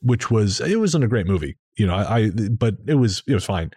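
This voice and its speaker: A man, a podcast co-host, chatting casually in a halting way with many restarts and self-corrections. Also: lowish voice, sing-song, dark tone, husky, no room sound, clean studio sound. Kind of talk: casual chat.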